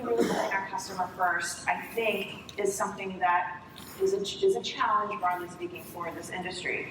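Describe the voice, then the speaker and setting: Woman interviewer in an echoey conference hall. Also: medium pitch. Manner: candid, enthusiastic, self-deprecating asides. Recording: echoey hall, distant mic, noisy.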